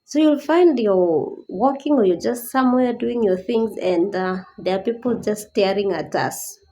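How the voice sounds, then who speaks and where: A woman's voice: mid-range voice, measured pace, warm tone, rough recording. A woman giving a personal awareness talk as a disability advocate, earnest and pleading, rising to indignant questions.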